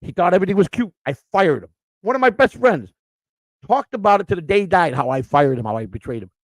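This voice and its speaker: A middle-aged man telling stories in a blunt, profane, casual way, with fast run-on sentences and restarts. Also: sits high, sing-song, no echo, rough recording. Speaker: storyteller recalling his work. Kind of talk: casual storytelling.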